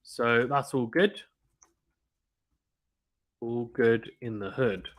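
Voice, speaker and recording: A man's voice: medium pitch, extremely slow, dry recording, studio quality. Chatty man streaming tennis. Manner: chatty, repeats himself, talks to chat viewers. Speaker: live stream commentator. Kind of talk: casual play-by-play watchalong chat.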